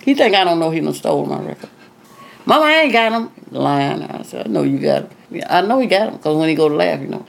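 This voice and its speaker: Older lady ex-singer, husky rough voice, acts out what folks said, lotta "you know". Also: sits low, lively intonation, fast, few pauses, a little hiss or hum. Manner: chatty, acts out quoted dialogue, frequent "you know". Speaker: retired singer, interviewee. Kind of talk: casual storytelling interview.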